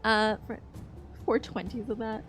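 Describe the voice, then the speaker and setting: Young woman, game streamer, chatty and profane, voice sits a bit high. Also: flat delivery, unhurried, music in the background. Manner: chatty, joking, swears freely, laughs often. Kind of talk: casual chat while gaming.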